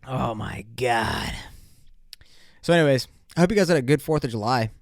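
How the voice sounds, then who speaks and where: A young man rants into a close, dry mic on his solo podcast, his voice smooth and resonant. He swears constantly, drops bro slang, and rambles through stories. He acts out both sides of made-up run-ins. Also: a little high, lively intonation, racing, no room sound. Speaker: podcast host. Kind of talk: casual solo podcast rant.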